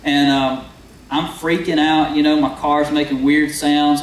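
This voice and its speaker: A man's voice: a little high, little pitch movement, a little slow. A young man preaching a sermon, telling a story in a chatty way and asking the crowd questions. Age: young adult. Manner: conversational storytelling, addresses the crowd. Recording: echoey hall from far off, faint noise.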